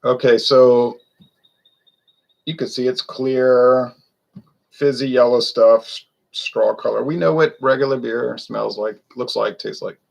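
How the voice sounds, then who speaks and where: Gravelly man rambling on. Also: mid-range voice, fairly even intonation, a little slow, a little mellow, rough recording. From Louisiana. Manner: rambling, chatty, wanders off topic. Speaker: beer reviewer. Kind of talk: casual beer review monologue.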